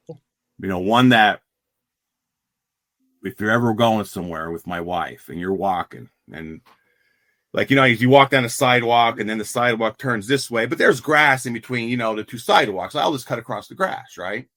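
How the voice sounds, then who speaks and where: A man's voice: on the low side, expressive, moderate pace, fairly bright tone, dry recording, studio quality. A middle-aged man from Pennsylvania, a former player and guest, telling stories casually with many fillers and restarts. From Pennsylvania coal region. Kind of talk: casual storytelling.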